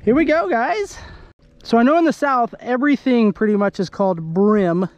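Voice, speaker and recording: A man from Idaho giving excited, chatty commentary to the camera while fishing from a kayak on a lake. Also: very high-pitched, normal speed, no room sound, dull audio. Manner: excitable, exclaiming, chatty with viewers. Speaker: fishing vlogger. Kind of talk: casual outdoor commentary to camera. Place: kayak on an open lake outdoors. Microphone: handheld camera.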